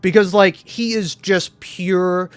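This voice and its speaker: A man's voice: high voice, fairly even intonation, slow, clean tone, no echo. A drunk young man ranting about a game, profane, rambling and combative. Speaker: gaming video creator.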